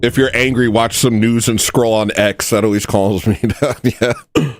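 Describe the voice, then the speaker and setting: A young man hosting a comedic livestream, rambling and self-mocking, dropping to low mutters and jumping up to loud yells. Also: fairly even intonation, moderate pace. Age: young adult. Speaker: livestream host.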